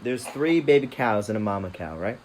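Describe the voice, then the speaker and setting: A young man co-hosting a casual podcast in a relaxed, joking way. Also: lowish voice, fairly quick, noisy background. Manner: relaxed, joking, laughs easily. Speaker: podcast co-host. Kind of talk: casual chat.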